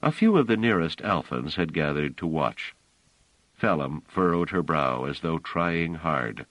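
Deep-voiced male audiobook narrator. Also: expressive, measured pace, fairly bright tone, no echo, low-quality recording. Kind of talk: scripted narration.

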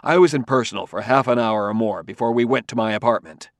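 A man playing a suspicious male police detective who talks in a forceful, intense, accusing way. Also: mid-range voice, fast, no room sound, clean studio sound, lightly acted. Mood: heated.

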